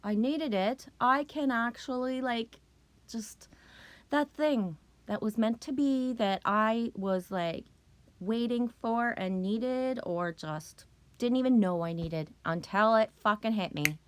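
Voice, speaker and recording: A woman's voice: fairly high pitch, slow, dry recording. A middle-aged woman chatting casually on a live stream, loose, profane and rambling as she greets viewers.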